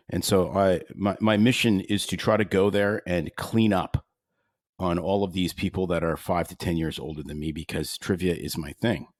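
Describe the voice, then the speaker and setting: A man's voice: on the low side, no room sound, studio quality. A man hosting a podcast, chatty and joking, asking long, rambling questions. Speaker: podcast host. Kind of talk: casual chat interview.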